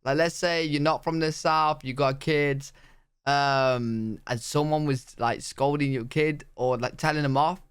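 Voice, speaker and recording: A British man reacting to a video in casual, chatty commentary with quick comments. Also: fairly high pitch, fairly even intonation, fairly bright tone, clear, resonant tone, no room sound, clean studio sound. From United Kingdom.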